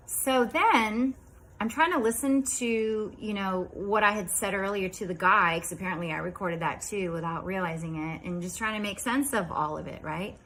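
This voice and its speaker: A woman in her fifties casually recounting a strange dream, chatty and rambling, dropping into quiet asides. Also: medium pitch, a little hiss or hum, poor audio. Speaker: vlogger.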